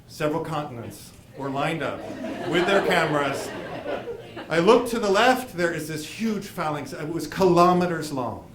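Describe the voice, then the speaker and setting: A man, a college professor, telling a story on stage to a live audience, acting out his own and others' lines and slipping into fluent French. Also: on the high side. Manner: animated, acts out dialogue, switches into fluent French. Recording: roomy live venue, distant mic, crowd laughter.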